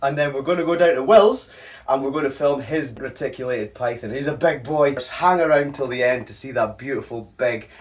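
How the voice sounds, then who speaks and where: A man's voice: mid-range voice, fairly quick, far from the mic, slight background noise. A man who keeps reptiles, hosting a casual vlog and chatting to the camera while he handles and coos over large pythons. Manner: chatty, coos affectionately at the snakes. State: slightly out of breath. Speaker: reptile keeper and channel host.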